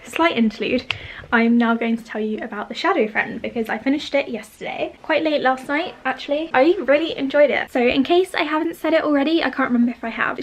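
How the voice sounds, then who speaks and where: Young uk woman vlogging about books, kinda high voice, gushy and breathless. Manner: gushing, emotional, talks fast and breathless about books. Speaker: book vlogger. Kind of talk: excited casual vlog chat.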